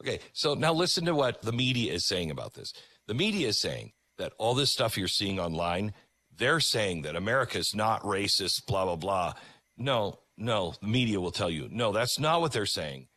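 A man's voice: fairly low pitch, very animated, moderate pace, sharp tone, no room sound. A male host giving emphatic, conversational commentary while introducing video clips.

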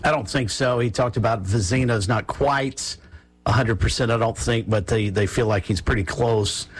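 A man's voice: medium pitch, normal speed, slightly rough. A man co-hosting a sports radio show, hedging and thinking aloud as he answers. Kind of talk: casual radio talk.

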